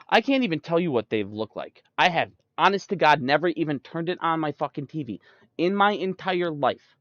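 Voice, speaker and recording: A young man with a high voice rants at his listeners, swearing hard and picking fights with every point. The sound is dull and dry, as if from a cheap mic held close. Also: animated, moderate pace, fairly bright tone, no room sound. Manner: profane, ranting, combative. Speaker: streamer. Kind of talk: political rant.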